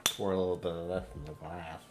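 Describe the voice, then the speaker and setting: A man's voice: low-pitched, level tone, a little fast, background noise. A middle-aged man hosting a whiskey live stream from home, chatting casually in a rambling, self-deprecating way and laughing often. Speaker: whiskey channel host.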